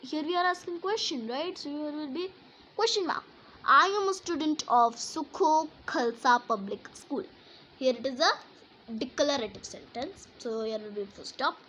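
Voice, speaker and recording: A woman's voice: high-pitched, animated, normal speed, bright, forceful tone, a little hiss or hum, rough recording. A woman teaching a grammar lesson, explaining and reading example sentences aloud with emphasis.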